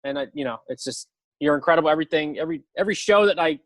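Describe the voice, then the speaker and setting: A man's voice: on the high side, rapid-fire, no room sound. A man who hosts a podcast, chatting casually and enthusiastically. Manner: enthusiastic, warmly effusive. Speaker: podcast host.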